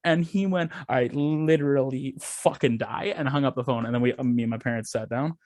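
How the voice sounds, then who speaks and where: A man's voice: medium pitch, quick pace, dry recording, studio quality. A young man, a podcast co-host, telling a story in casual chat, swearing and acting out what people said.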